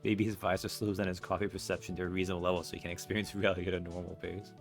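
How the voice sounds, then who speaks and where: A man's voice: deep voice, little pitch movement, very fast, faint music behind. A man commenting on a video game with wry, self-mocking asides. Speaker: let's play streamer.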